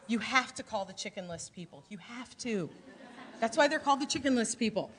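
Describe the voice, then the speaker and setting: Her voice is a little high and slightly quick. She's a middle-aged woman from Illinois leading a lively training talk for her sales team, acting out pieces of conversation along the way.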